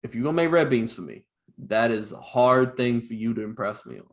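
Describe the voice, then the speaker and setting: A man from Louisiana with a Cajun accent, co-hosting a casual podcast over a video call, animated and quick to laugh. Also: mid-range voice. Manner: animated, laughs easily, storytelling asides. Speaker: podcast co-host. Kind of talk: casual chat.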